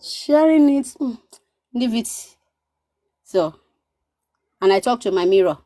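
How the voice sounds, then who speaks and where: A woman's voice: a little high, lively intonation, slow, mellow, dry recording. A woman from Nigeria chatting on a live stream, telling stories animatedly and repeating phrases for emphasis. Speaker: guest. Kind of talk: casual storytelling chat.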